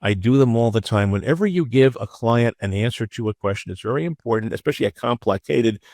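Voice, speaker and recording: A man's voice: medium pitch, expressive, fast talker, darkish tone, no echo, studio quality. A man teaching a webinar as a business lawyer, frank and conversational, mixing advice with anecdotes. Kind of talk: webinar lecture.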